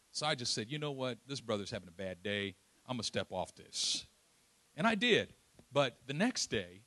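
A man from East Oakland preaching a sermon, telling a personal story with lively acted-out quotes and self-deprecating asides. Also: mid-range voice. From East Oakland, California. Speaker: pastor.

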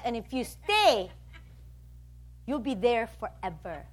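A woman preaching a sermon, animated, swinging between loud bursts and soft, low stretches, and acting out the voices of other people as she teaches. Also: a little slow, long pauses. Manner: plays out voices of a nagging map and a complaining listener.

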